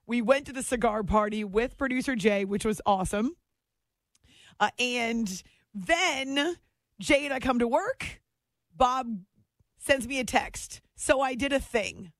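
A woman with a voice on the high side talks a little slowly as she hosts a late-night sports radio show from the station studio. She tells a story in a lively, chatty way with frequent laughs, and the recording is dry.

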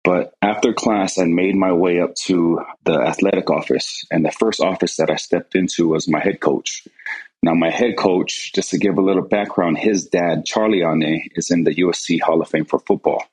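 A man's voice: low-pitched, fairly even intonation, moderate pace, darkish tone, slightly rough, poor audio. A man earnestly recounting a personal story in an interview, often repeating words as he goes. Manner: earnest, repeats words, acts out quoted voices.

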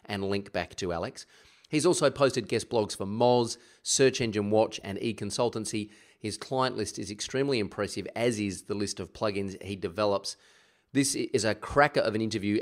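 A fairly low-pitched man hosting a podcast and talking straight to his listeners. He is energetic and plain-spoken, and his voice lifts often as he pushes an idea. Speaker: podcast host. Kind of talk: podcast intro monologue.

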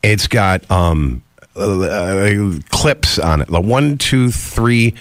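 A man co-hosting a casual talk show, laid-back and teasing his co-host, quick to laugh. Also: low voice, lively intonation, no room sound, clean studio sound. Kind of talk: casual chat.

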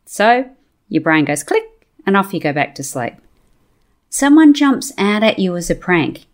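A woman's voice: mid-range voice, big pitch swings, unhurried. A woman hosting a podcast, giving an encouraging motivational monologue full of rhetorical questions and personal stories. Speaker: podcast host.

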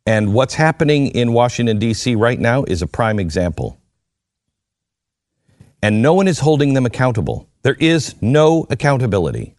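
A man's voice: mid-range voice, sing-song, moderate pace, darkish tone, dry recording, clean studio sound. A man hosting a talk radio show, delivering an impassioned, emphatic opinion monologue.

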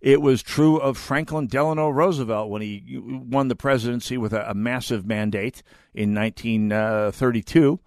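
A man's voice: mid-range voice, fairly even intonation, moderate pace, darkish tone, no room sound, studio quality. A man in his fifties hosting a talk radio show, delivering an opinionated monologue that rambles off on tangents and restarts his words. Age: 50s.

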